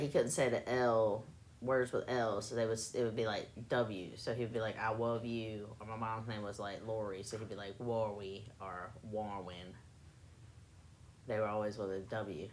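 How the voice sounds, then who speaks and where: A woman's voice: extremely low pitch, a little hiss or hum. A woman from South Carolina with a Southern accent, casually chatting with her live audience and playfully testing how she says words. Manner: laid-back, playful, repeats words to test her pronunciation. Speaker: livestream host.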